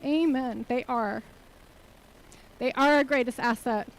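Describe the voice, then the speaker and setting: A woman with a high-pitched voice delivers a motivational keynote into a stage microphone. She talks earnestly and keeps firing rhetorical questions at the audience. Her tone is that of a nonprofit leader urging listeners to commit. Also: unhurried, low-quality recording. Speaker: keynote speaker and nonprofit CEO. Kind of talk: motivational conference talk. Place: conference hall stage.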